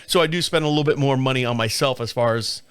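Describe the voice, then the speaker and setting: A man's voice: mid-range voice, fast talker, a bit bright, smooth, dry recording. A middle-aged man hosting his own show, telling a rambling story to camera in casual chat and laughing often, recorded in a small home studio. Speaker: podcast host. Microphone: studio mic on camera.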